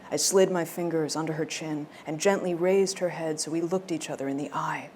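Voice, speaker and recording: A woman voicing a male romance audiobook narrator who reads in a confident alpha-hero American accent, low and hushed. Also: fairly even intonation, a little fast, slight background noise, lightly acted. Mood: sultry. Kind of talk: audiobook narration within a novel reading.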